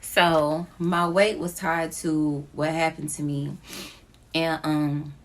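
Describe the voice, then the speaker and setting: A woman speaks into her phone in a personal confessional vlog. Her voice sits low with a gravelly fry, and she talks slowly, pausing often. She sounds emotional and close to tears. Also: little pitch movement. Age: adult with children. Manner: slow, halting, emotional, near tears. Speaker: vlogger. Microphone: phone app recording.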